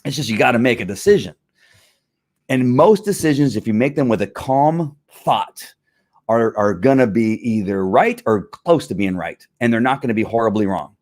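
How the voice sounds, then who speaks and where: A man's voice: medium pitch, animated, moderate pace, a little mellow. A middle-aged man, a former police officer, hosting his own show and talking casually in a frustrated, emphatic rant. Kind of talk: casual livestream commentary.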